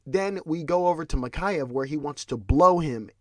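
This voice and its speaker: A man's voice: fairly high pitch, moderate pace, darkish tone, no room sound, clean studio sound. A man hosting a podcast, ranting in casual solo commentary with restarts and repeated words. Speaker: podcast host.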